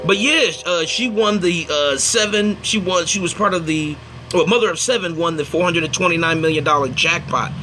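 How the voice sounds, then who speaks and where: A man's voice: fairly high pitch, normal speed, background noise. A young man hosting a casual livestream, telling stories animatedly and breaking off to thank viewers. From Indiana, United States. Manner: animated storyteller, acts out quotes, thanks viewers mid-story. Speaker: livestream host.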